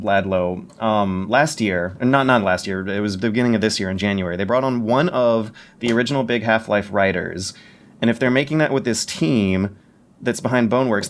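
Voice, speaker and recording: Man, podcast co-host, quick eager talk, stammers, self-corrects. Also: medium pitch. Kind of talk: casual podcast chat.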